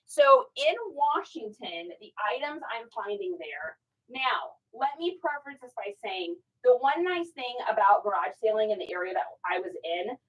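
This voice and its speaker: A middle-aged woman hosts a reseller livestream from her home, with a fairly high voice and a rough-sounding recording. She chats animatedly with viewers while spinning a long story, doing the voices of the people she quotes.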